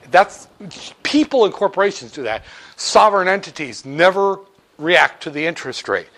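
Male finance lecturer with a high voice and a crude, irreverent classroom manner. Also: expressive, a little fast, fairly bright tone. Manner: irreverent, crude jokes between explanations.

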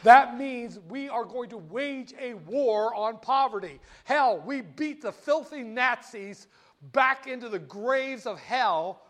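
Brash, certain male president orating, as an older man puts him on; high-voiced, rousing. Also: fairly even intonation, moderate pace, a bit bright. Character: impression of a confident male 1960s president.

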